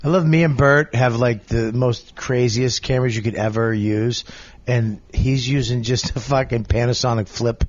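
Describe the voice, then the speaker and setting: A man's voice: mid-range voice, fairly even intonation, normal speed, no room sound, muffled recording. Rambling man in podcast chat. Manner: rambling, self-correcting. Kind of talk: casual podcast banter. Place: cruise ship cabin.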